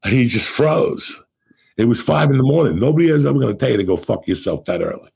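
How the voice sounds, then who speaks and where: A middle-aged man hosting a podcast, telling stories in a profane, animated way and acting out what people said. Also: medium pitch, fast, creaky, a little hiss or hum. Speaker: podcast host. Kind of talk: casual storytelling chat.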